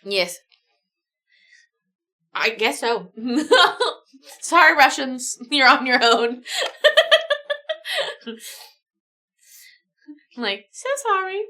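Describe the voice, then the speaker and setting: A woman's voice: sits high, very animated, drawn-out words, long pauses, bright, forceful tone. A woman reading a choose-your-own-adventure book on a livestream, with chatty, giggly asides. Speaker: livestream reader.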